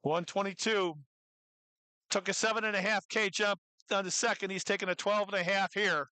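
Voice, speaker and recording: A bright, forward voice calls a live weightlifting meet, reading out attempts and weights. Between lifts the commentator trades jokey asides, then breaks into loud, rising cheers for the lifters. The sound is dry and close. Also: medium pitch, steady tone, moderate pace, clean tone, no echo, low-quality recording.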